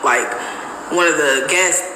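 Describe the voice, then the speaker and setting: A woman telling a wild personal story in casual storytime style, animated and profane, acting out what people said. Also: low voice, slow, slight background noise. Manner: animated, profane, acts out quotes. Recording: echoey room with long reverb.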